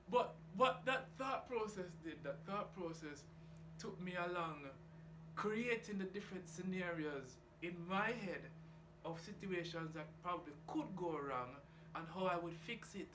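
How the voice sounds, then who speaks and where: A man's voice: sits high, expressive, unhurried. A man rambling casually about his aquarium hobby, laid-back and swearing freely. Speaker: reef tank hobbyist vlogger. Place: home room by an aquarium, door open to outside. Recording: echoey room with outdoor noise. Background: geese and outdoor ambience.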